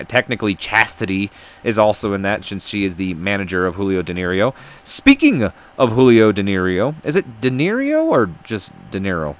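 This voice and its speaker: A man's voice: mid-range voice, fairly bright tone. A man hosting a wrestling game playthrough in chatty, self-deprecating, rambling casual commentary. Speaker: let's-play host.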